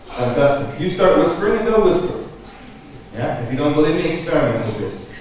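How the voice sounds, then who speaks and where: A man's voice: a little high, very animated, brisk, a little mellow, a little hiss or hum. Joking male lecturer in an echoey hall. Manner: joking, conversational, addresses audience directly. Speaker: conference speaker. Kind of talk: humorous religious lecture. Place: large conference hall. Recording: echoey hall, picked up from far off.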